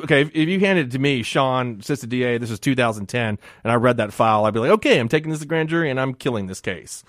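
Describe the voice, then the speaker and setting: A man co-hosting a radio talk show as a former prosecutor, telling animated stories and hedging on touchy points. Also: lowish voice, dry recording, studio quality. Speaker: radio co-host, former assistant district attorney. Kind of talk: casual radio talk and storytelling.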